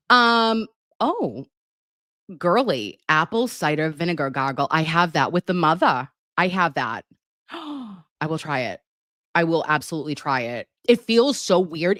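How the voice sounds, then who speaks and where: A woman with a low voice chats to her livestream viewers in a gushing, dramatic way. A sore tongue gives her a slight lisp. The sound is dry and close. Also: no echo. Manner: gushing, chatty and dramatic, reads viewer comments. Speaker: livestream host. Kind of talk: casual livestream chat.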